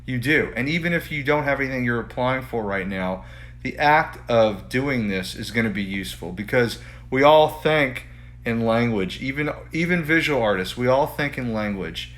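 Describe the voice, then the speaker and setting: A man's voice: mid-range voice, lively intonation, moderate pace, fairly bright tone. A man, a painter, chatting casually on a livestream from his studio and reading his own writing aloud, often restarting and repeating phrases. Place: art studio, indoors. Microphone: phone streaming live.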